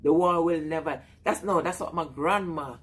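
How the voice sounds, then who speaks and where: A woman's voice: low voice, moderate pace, slightly rough. A woman with a Jamaican accent chatting casually on a live stream, greeting viewers and laughing often.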